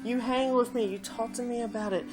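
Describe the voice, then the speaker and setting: A man's voice: very high voice, steady tone, brisk, over music, rough recording. Man rambling through a profane story. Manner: rambling and profane, full of "you know" fillers. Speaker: vlogger. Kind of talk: casual storytelling chat.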